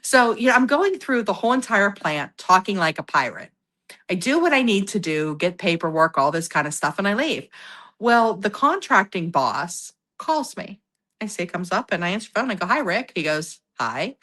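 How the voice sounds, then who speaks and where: A woman with a bright, forceful voice tells stories on a podcast in an easy, chatty way. She gets animated, laughs often and slips into the voices of the people she quotes. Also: medium pitch, moderate pace. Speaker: guest, paranormal investigator. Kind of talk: casual storytelling in conversation.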